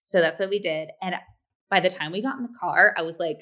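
A woman in her thirties, a podcast co-host chatting casually and acting out quoted lines with sudden pitch jumps. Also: fairly even intonation, a little fast, sharp tone. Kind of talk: casual chat.

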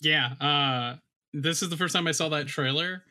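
A man with a bright, forward voice talks on a podcast, gushing and excited. He explains things eagerly in casual chat. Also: fairly high pitch, normal speed. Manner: enthusiastic, gushing. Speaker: podcast co-host.

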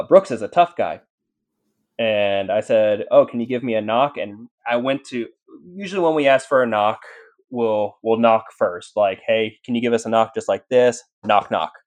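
Low-voiced man rambling through a ghost story. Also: darkish tone. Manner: rambling, many fillers and restarts. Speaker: guest paranormal investigator. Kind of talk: casual storytelling in a podcast interview.

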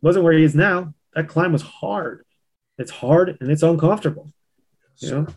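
Frank, profane man with a higher voice. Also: moderate pace, slightly rough. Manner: frank, profane, leans on "you know". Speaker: guest, landscaping business owner. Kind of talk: casual conversation.

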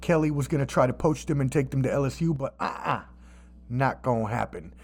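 A man hosting a podcast in casual sports chat, animated and profane, with mocking asides. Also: mid-range voice, brisk. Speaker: podcast host.

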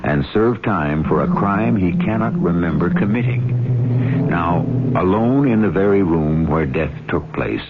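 A man hosting and narrating a radio mystery show in a measured, grave manner. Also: deep voice, expressive, background noise. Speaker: host narrator. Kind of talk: scripted radio drama narration. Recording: tinny old radio broadcast over loud music.

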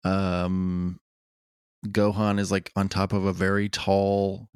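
A man's voice: low voice, completely flat delivery, slow pace, smooth, dry recording, studio quality. A young man co-hosting a podcast in casual chat, rambling and hedging with lots of "like". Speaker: podcast co-host.

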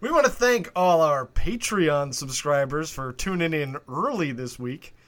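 A man co-hosting a comedy podcast about monsters, trading playful deadpan jokes in casual banter. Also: fairly high pitch, a little slow. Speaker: co-host.

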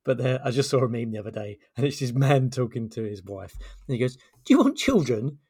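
A man's voice: medium pitch, fairly even intonation, fast talker, dark tone, breathy edge, no room sound, studio quality. A man, a podcast co-host, chatting casually and telling jokes. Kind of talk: casual chat.

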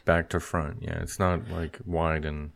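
Low-voiced guy cohosting a chill theme park podcast, kinda rambly, laughs a lot. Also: measured pace, vocal fry. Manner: relaxed, laughs easily, thinks aloud with fillers. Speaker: podcast co-host. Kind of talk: casual chat.

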